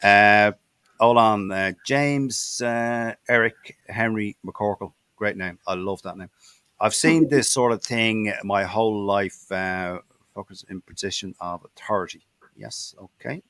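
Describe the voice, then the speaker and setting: A man's voice: on the low side, a little slow, fairly bright tone, clean tone, dry recording. A man with an Irish accent hosting a rugby chat show, reading viewer comments aloud with many fillers and restarts. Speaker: podcast host.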